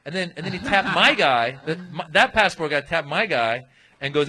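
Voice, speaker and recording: A man telling an animated story as a guest comedian on a comedy podcast. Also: on the high side, fairly quick, rough recording. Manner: animated storyteller, acts out voices.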